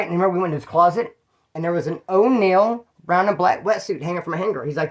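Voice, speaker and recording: Fast-talking man telling street stories. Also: sits high. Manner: rambling, profane, streetwise slang. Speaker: channel host telling prison stories. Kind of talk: casual first-person storytelling.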